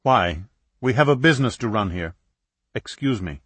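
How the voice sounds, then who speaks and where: A man's voice: lowish voice, expressive, normal speed, husky, dry recording. Man doing a curt, suspicious young student. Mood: hostile. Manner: curt, sharp, guarded. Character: young male medical student, suspicious and defensive.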